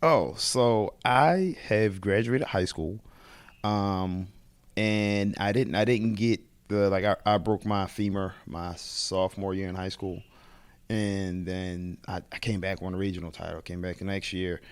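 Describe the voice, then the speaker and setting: A man in his thirties from Baltimore, a head wrestling coach telling lively stories in an interview and acting out the voices he quotes. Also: low-pitched, measured pace, clean tone. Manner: animated storyteller, acts out quoted voices. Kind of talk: storytelling in a podcast interview.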